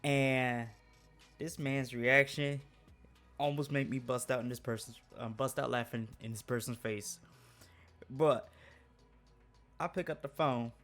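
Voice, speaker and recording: A man's voice: mid-range voice, fairly even intonation, measured pace, pauses often, fairly bright tone, faint music behind. Laid-back man telling a story. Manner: slangy, laid-back, laughs often. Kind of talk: casual storytime vlog.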